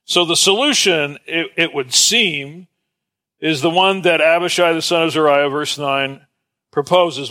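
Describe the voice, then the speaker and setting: A man's voice: fairly high pitch, measured pace, bright, forceful tone. A man teaching an informal Bible lesson in a conversational, digressive way with many fillers.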